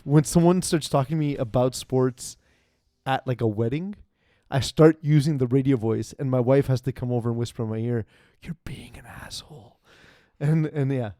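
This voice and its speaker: A man's voice: medium pitch, warm tone. A young man hosting a casual sports podcast, rambling through self-mocking asides. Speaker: podcast host.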